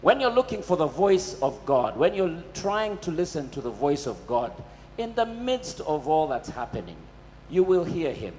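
A man's voice: on the high side, sing-song, moderate pace, a little mellow, in a large hall, a little hiss or hum, rough recording. A man preaching a sermon, asking his listeners questions and pressing his points with emphasis.

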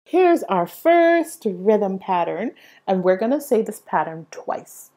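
Leading small children through a music lesson, a young woman uses slow, cheerful, sing-song teacher talk, prompting them to echo rhythms back to her. She sounds encouraging, with a medium-pitched, mellow voice and big pitch swings.

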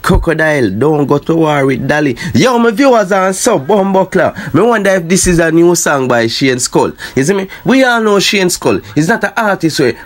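Animated Jamaican man, high lively voice. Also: moderate pace, few pauses. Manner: animated patois chatter, addresses "my viewers and sub". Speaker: dancehall news commentator. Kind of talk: casual commentary to viewers.

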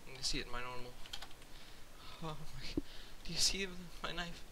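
A young man giving casual commentary while opening cases in a game, half-whispering at times and then overjoyed. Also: moderate pace. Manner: mutters and whispers quietly at first, then shouts in wild excitement. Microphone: cheap computer mic. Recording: hissy low-quality mic.

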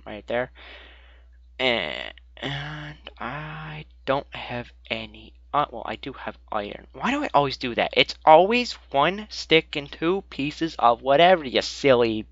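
A man giving jokey let's-play commentary while gaming, talking to himself and swinging between mumbles and excited shouts. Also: medium pitch, a little slow, dry recording. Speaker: gameplay commentator. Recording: dull lo-fi mic.

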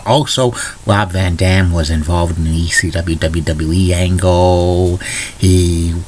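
A man with a deep, low-pitched voice hosts a casual morning video blog. He runs through news items and trivia in a plain, chatty read and stumbles into small restarts now and then. A faint hum of noise sits under his voice. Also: steady tone, slow pace. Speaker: video blogger.

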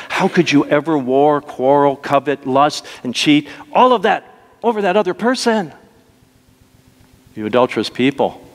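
A male pastor delivering an emphatic sermon, repeating key phrases and slipping into acted quotes. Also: medium pitch. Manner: emphatic preaching with dramatic acted quotes and repetitions. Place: church sanctuary. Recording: long church hall reverb.

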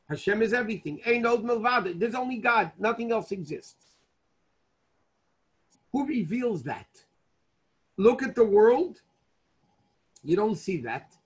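Rabbi teaching with rhetorical questions. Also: male voice, high-pitched, slightly rough. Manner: asks and answers his own questions; mixes Hebrew and Yiddish terms into English. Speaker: rabbi teaching a Torah class. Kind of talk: Torah class lecture. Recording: dull lo-fi lecture recording.

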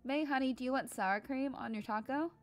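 A woman's voice: high voice, a little fast, faint music behind, voice pushed up, natural voice. Woman doing a sweet doting mom. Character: warm doting mother greeting her grown daughter.

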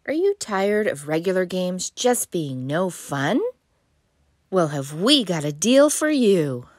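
A woman voicing a dramatic female infomercial announcer with a hammy sales-pitch delivery. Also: sing-song, slow, darkish tone, no echo, studio quality, heavily acted. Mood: salesy.

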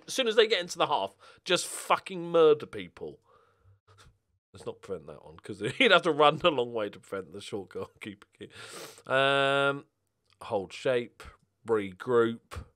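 A man giving casual commentary over a football management game, muttering and then bursting out in loud swearing. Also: fairly low pitch. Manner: swears a lot, swings from mutters to angry outbursts. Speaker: gaming YouTuber.

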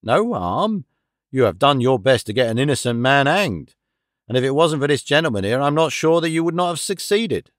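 A man's voice: mid-range voice, very animated, normal speed, no room sound, clean studio sound, lightly acted. A man voicing a blunt, proud police inspector in an audiobook reading.

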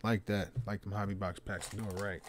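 A man hosting a card break, casually calling out players with slangy, excited remarks and muttered asides. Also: fairly low pitch, moderate pace, a little hiss or hum. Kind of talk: casual card-opening commentary.

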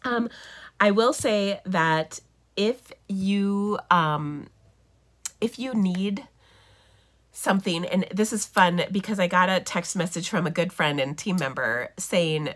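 A woman's voice: fairly low pitch, takes it slowly, fairly bright tone. A middle-aged woman hosting a papercraft livestream, chatting casually and enthusiastically with lots of fillers, sounding a bit nasal from feeling unwell.

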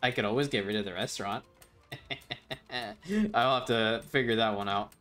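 A man's voice: medium pitch, animated, unhurried, a bit bright, soft background music. A man hosting a gaming channel, chatting loosely over his gameplay with plenty of fillers and chuckles. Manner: rambling, with frequent fillers and chuckles. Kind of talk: casual gameplay commentary.

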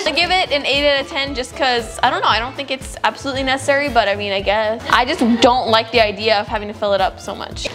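A woman's voice: fairly high pitch, expressive, fast talker, hardly any pauses, over music. A young woman vlogging casually, bubbly and chatty, squealing baby talk at her dog. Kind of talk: casual vlog chat.

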